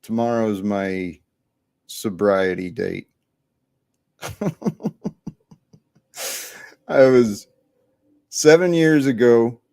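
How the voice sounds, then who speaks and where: A man's voice: on the low side, takes it slowly, gravelly, warm tone, clear, resonant tone, dry recording, studio quality. A man hosting a live panel chat, talking in an earnest, reflective way and laughing easily.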